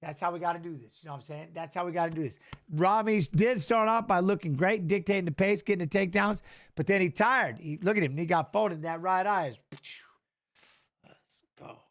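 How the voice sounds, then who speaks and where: Excitable high-voiced man calling a fight. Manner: excitable, talks fast over the action, shouts at fighters. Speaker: watch-along host. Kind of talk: live fight commentary and chat.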